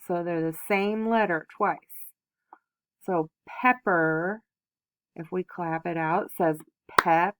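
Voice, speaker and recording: A woman's voice: lowish voice, moderate pace, few pauses, no echo. A woman teaching young children a phonics lesson, patiently sounding out letters and syllables.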